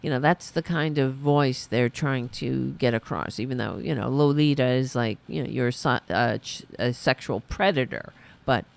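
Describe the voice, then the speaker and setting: A woman hosting a political podcast, ranting with sarcasm and outrage, dropping to mutters and rising to shouts. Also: moderate pace, vocal fry, few pauses. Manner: broad pitch swings from muttering to shouting. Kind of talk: ranting commentary.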